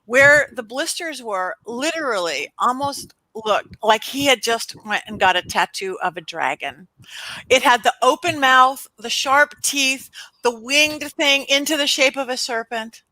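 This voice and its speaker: A woman's voice: high-pitched, a little slow, dry recording, rough recording. A woman who works as a spirit medium, telling a dramatic story as an interview guest and acting out the lines of the people in it. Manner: animated, dramatic storyteller who acts out quotes.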